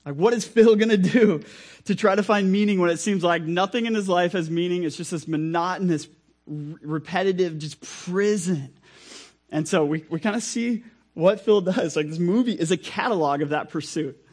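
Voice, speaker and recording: A young man preaching a sermon in a conversational, energetic way, full of asides to the listeners. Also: sits high, normal speed.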